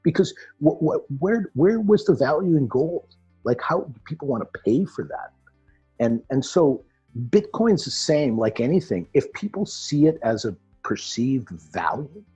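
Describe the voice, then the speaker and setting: A man's voice: medium pitch, a little mellow, slightly rough. A man explaining things in a casual chat, telling anecdotes with many restarts. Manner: storytelling, acts out quoted characters, frequent restarts. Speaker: guest explaining Bitcoin mining. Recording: dull lo-fi audio with faint music.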